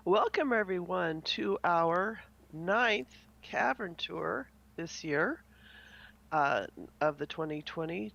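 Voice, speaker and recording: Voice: mid-range voice, gravelly, a bit bright. A co-host on a live online game tour, chatting and welcoming viewers in a playful, upbeat way. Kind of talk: casual chat on a live stream. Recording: dull lo-fi audio.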